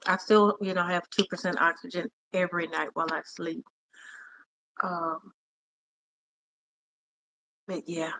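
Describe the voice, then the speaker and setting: A woman's voice: on the low side, animated, measured pace, vocal fry, long pauses, sharp tone. A woman hosting a casual livestream, chatting affectionately with viewers and calling them honey and cousin. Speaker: livestream host. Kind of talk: casual live chat with viewers.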